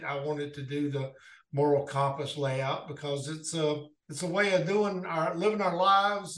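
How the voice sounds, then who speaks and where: A man with a somewhat high voice answers questions in a podcast interview. He speaks earnestly and plainly as a company head, and his voice carries a roomy echo. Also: fairly bright tone. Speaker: company CEO, podcast guest. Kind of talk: casual interview chat. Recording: echoey room.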